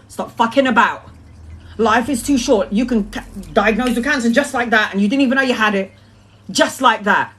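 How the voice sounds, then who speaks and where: Woman, higher-pitched voice, blunt and profane, emphatic spiritual talk, casual monologue. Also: husky. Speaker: tarot reader.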